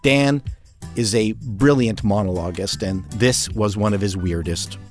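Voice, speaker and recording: A man's voice: fairly low pitch, unhurried, soft background music. A comedy writer, a man, chatting casually and enthusiastically to introduce a sketch. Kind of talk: casual chat.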